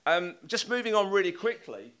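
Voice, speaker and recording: A man leads a Bible teaching talk in a bright, slightly raised voice. He speaks thoughtfully and hesitantly, with plenty of restarts as he works through each idea. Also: high-pitched, very animated, moderate pace. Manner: reads scripture aloud with rising emphasis. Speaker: preacher.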